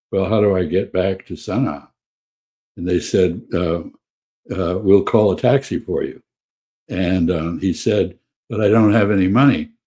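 A former ambassador speaks in a very deep, husky voice. He is measured and hesitant, pausing on fillers as he recounts stories in a casual discussion. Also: dark tone.

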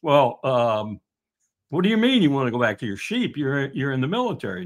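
A man in his sixties telling stories in a halting, anecdotal way during a casual discussion. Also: mid-range voice, big pitch swings. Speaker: guest commentator.

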